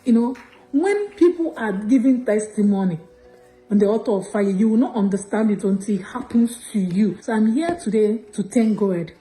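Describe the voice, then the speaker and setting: A woman's voice: medium pitch, expressive, moderate pace, mellow, faint music behind, rough recording. A woman giving an emotional church testimony, retelling events with quoted dialogue. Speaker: testimony giver.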